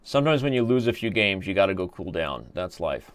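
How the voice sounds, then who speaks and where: A man's voice: sits low, big pitch swings, fairly quick, no echo. A man in his thirties hosting a live stream, chatting casually and joking while he reads viewer comments aloud. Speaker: chess streamer host.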